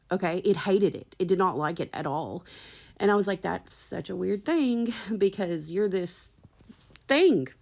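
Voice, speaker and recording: A woman telling a spiritual story in a chatty, animated way, often laughing and swearing. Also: lowish voice, creaky. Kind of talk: casual storytelling.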